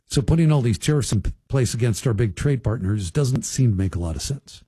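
A man's voice: mid-range voice, animated, a little fast, dark tone, breathy edge, no echo. A man hosting a radio talk show, chatting casually with listeners and riffing on the news with folksy asides. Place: radio studio.

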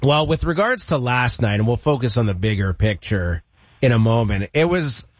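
A man's voice: mid-range voice, no room sound. Wry male sports radio host. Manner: brisk, wry, animated when recapping. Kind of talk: morning sports radio talk. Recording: dry, slightly dull studio sound.

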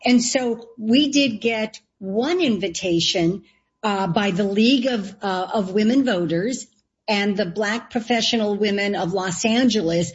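A woman's voice: mid-range voice, unhurried. A woman running for lieutenant governor, answering interview questions in an emphatic way with sarcastic asides. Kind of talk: political interview. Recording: dull lo-fi sound.

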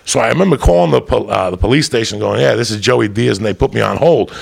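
A man's voice: on the low side, fast, gravelly, husky. A man telling a long story in casual chat, rowdy and profane, full of asides to the listener. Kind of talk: casual chat, crime anecdote.

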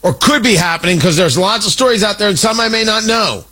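A man delivers heated political commentary, indignant and emphatic, with sarcastic asides. His voice sits high for a man. It also carries a husky, rough edge. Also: fast talker, sharp tone, low-quality recording. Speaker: talk show host.

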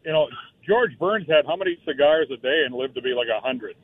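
A man calling in to a talk radio show as a regular, exasperated and animated. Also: fairly high pitch, fairly quick, breathy edge, dry recording. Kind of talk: talk radio chat over the phone. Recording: tinny phone line, dry.

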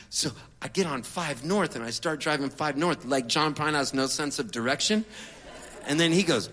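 A middle-aged man, a singer-songwriter, telling a rambling comic story to an audience in a conversational, animated way. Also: a little high, moderate pace.

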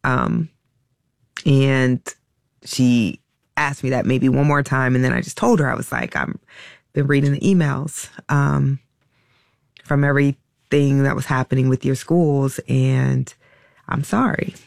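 Woman, middle-aged, emotional and halting, slow, fry in the voice. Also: rumbling low, fairly even intonation, a little mellow, dry recording, studio quality. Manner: halting, emotional, many restarts and fillers. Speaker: interview guest. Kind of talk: reflective personal storytelling.

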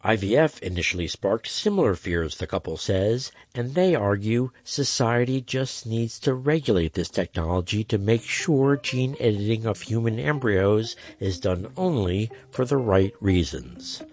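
A man reporting a scripted radio news story as a correspondent, in a measured, even delivery. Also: on the low side.

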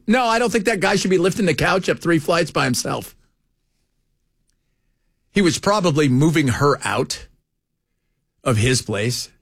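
Male talk radio host, high animated voice, dry close studio sound, joking banter. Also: moderate pace, dry recording. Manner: animated, mocking put-on voices. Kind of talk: casual banter.

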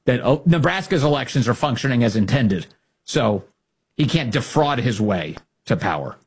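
A man hosting a political commentary show, talking in an animated, mocking way. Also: mid-range voice, moderate pace, breathy edge. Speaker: show host.

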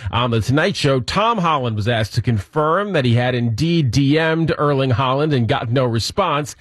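Male radio segment host, mid-pitched, upbeat and lightly amused, dry studio mic. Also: expressive, normal speed, no room sound. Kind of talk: reading news items and bantering.

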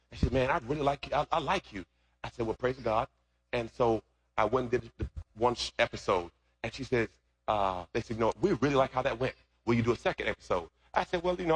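Bright-voiced preaching man, rising to shouts. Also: mid-range voice, breathy edge. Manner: builds from conversational storytelling to shouted preaching. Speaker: pastor. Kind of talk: sermon.

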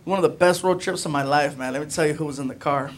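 A man doing stand-up comedy, telling a story in an animated way that swings up to shouting. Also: on the high side, fast talker. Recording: noisy live recording.

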